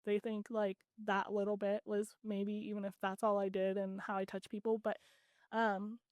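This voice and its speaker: A woman's voice: mid-range voice, moderate pace, dry recording. A woman guest on a podcast, earnestly retelling her story in casual talk with lots of "like"s. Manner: earnest, animated retelling with many "like"s.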